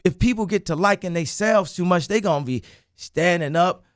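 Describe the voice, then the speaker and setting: A man talking as a radio interview guest, impassioned, swinging between loud declarations and low murmurs. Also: normal speed, in a large hall. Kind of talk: passionate radio interview talk.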